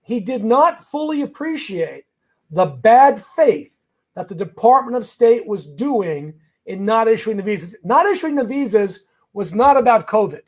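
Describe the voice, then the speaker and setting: A man's voice: high voice, sing-song, a little slow. A man working as an immigration lawyer, hosting a live Q&A stream. He greets viewers by name in a chatty way and speaks emphatically, rallying them on legal points.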